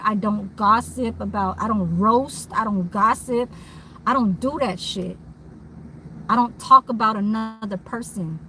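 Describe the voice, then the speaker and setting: A woman's voice: mid-range voice, fairly bright tone, slight background noise, poor audio. A woman vlogging in a candid, rambling monologue, blunt and swearing freely, recorded inside a vehicle.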